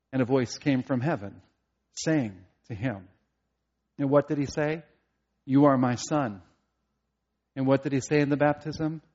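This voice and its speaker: A man preaching a sermon as a pastor, earnest, at times rising to emphatic preaching and at times dropping quiet. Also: medium pitch, highs cut off.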